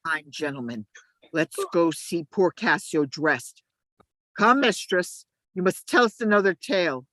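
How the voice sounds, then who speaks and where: Woman reading cunning male schemer, lively pitch, dry sound, urgent then hushed. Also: a little slow, no echo. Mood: scheming. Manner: shifts between urgent shouts and low asides. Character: scheming male ensign, sly and cold. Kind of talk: amateur play reading.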